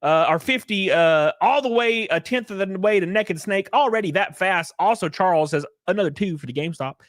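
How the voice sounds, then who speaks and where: A man's voice: high-pitched, brisk, fairly bright tone, no room sound, clean studio sound. A young man chatting casually on a livestream, rambling and jokey, with frequent profanity. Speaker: streamer.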